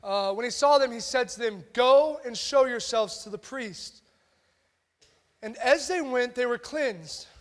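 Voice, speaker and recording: A man preaching a sermon in a church, emphatic, moving from hushed lines to shouts and slowing down to stress key words. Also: very high voice. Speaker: pastor. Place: church auditorium.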